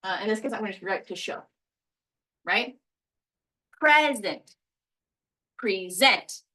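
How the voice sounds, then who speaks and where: A woman's voice: medium pitch, normal speed, sharp tone, recorded from a distance, rough recording. A woman teaching a recorded language lesson, explaining pronunciation step by step. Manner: explanatory, walks through examples step by step.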